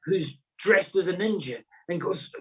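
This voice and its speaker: A man's voice: high-pitched, expressive, measured pace, sharp tone, recorded from a distance, low-quality recording. A man, a guest comedian in casual chat, who acts out scenes in silly voices.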